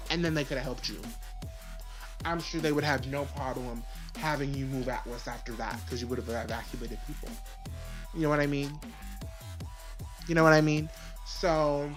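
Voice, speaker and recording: A woman giving a casual, profane, exasperated review of an animated show, ranting with lots of emphasis. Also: low voice.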